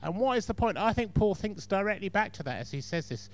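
A man's voice: high voice, big pitch swings, quick pace. A man preaching a sermon in a chatty storytelling way, with frequent asides to the congregation.

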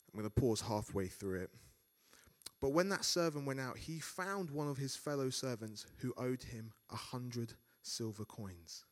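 Male preacher giving a sermon, animated delivery, acts out inner thoughts. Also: mid-range voice.

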